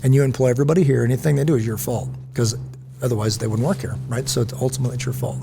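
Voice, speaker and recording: A man's voice: medium pitch, racing, creaky, a little hiss or hum. A middle-aged man hosting a casual podcast conversation, telling stories and acting out quoted voices. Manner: storytelling, animated, acts out quotes. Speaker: podcast host.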